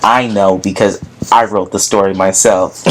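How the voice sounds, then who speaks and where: A man's voice: lowish voice, poor audio. A young man in casual chat, reading a post aloud and giggling through mocking asides. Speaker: co-host reading a forum post.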